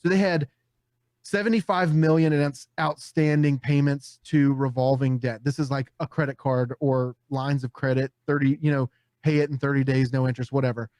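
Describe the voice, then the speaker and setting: A man hosting a casual podcast, telling stories with animated energy, often putting on voices and laughing. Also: mid-range voice, normal speed, no echo. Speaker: podcast host.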